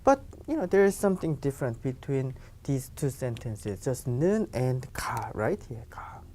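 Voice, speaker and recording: Low-voiced teacher explaining grammar. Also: female voice, sing-song, normal speed, dark tone, a little hiss or hum. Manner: explains patiently, with many "you know" fillers. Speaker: Korean language teacher. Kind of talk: classroom grammar lesson.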